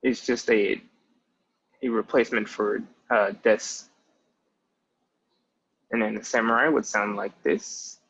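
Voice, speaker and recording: A man's voice: fairly low pitch, steady tone, slow, vocal fry, pauses often, fairly bright tone, dull audio, a little hiss or hum. A young man in his twenties giving a patient, casual language lesson with many "like" fillers. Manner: patient, explanatory, with frequent "like" fillers. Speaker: language teacher.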